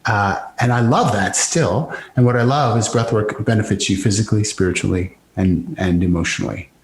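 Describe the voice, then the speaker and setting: A man's voice: fairly low pitch, brisk, slight background noise. Male guest coach, enthusiastic, earnest; roomy recording. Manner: enthusiastic, earnest, occasional swearing. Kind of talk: casual interview talk.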